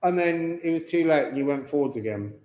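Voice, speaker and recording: A man giving an unscripted card reading to viewers, slow and musing with chatty asides. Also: a little high, expressive, darkish tone. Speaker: tarot and astrology reader. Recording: echoey room.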